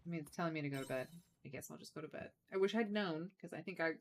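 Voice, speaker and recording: A woman's voice: low-pitched, racing, a little hiss or hum. Woman, let's play commentary, casual, jokey, chats with the game characters. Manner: chatty and joking, talks to the game characters.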